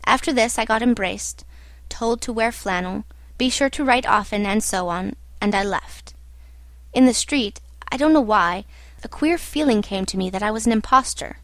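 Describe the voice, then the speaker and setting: A woman's voice: on the high side, normal speed, a bit bright, dry recording. Woman narrating a classic novel. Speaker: audiobook narrator.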